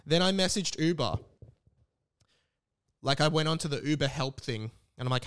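An Australian man in his late twenties telling a casual, rambling story as a podcast host. He is animated and swears freely. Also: fairly high pitch, moderate pace, pauses often, clear, resonant tone. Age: late 20s.

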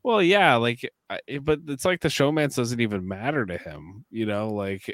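A man's voice: medium pitch, normal speed, fairly bright tone, no room sound. A man co-hosting a podcast, giving rambling, opinionated takes in casual chat. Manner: opinionated, rambling with many fillers. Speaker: podcast co-host.

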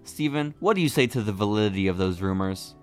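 A man's voice: fairly low pitch, animated, quick pace, smooth, soft background music. A man co-hosting a podcast, spinning long build-up stories in loose, profane banter. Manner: storytelling build-ups, swears freely. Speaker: podcast co-host.

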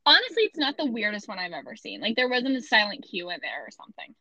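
A woman's voice: mid-range voice, huge pitch swings, fast, bright, forceful tone, no echo, dull audio. A woman in her twenties with a Midwestern American accent, co-hosting a podcast in a playful, self-mocking, chatty way. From Midwestern United States. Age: 20s. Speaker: podcast co-host. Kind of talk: casual podcast chat.

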